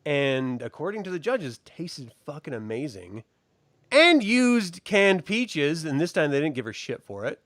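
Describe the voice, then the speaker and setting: A man in casual chat, with a fairly high voice that swings widely in pitch. He talks in an animated way and laughs often. The recording is dry and close. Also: measured pace, no echo. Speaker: podcast co-host reviewing a baking show.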